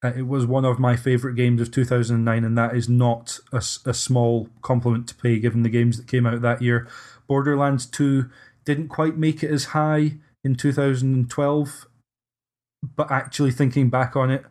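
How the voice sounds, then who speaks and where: A man's voice: mid-range voice, flat delivery, moderate pace, a little mellow. A man hosting a casual podcast discussion, hesitant and often restarting his sentences. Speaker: podcast host.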